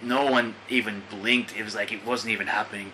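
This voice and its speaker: A man with a very bright, sharp-edged voice, hosting a casual podcast. He tells stories in a laid-back, conversational way, swears freely, and sits a little low in pitch. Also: steady tone, brisk, slight background noise, rough recording. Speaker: podcast host.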